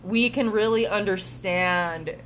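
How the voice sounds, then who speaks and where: A young woman co-hosts a casual spiritual podcast, speaking slowly in a medium-pitched, fairly bright voice. She talks loosely, laughs often, and uses many fillers, with a little hiss or hum on the recording.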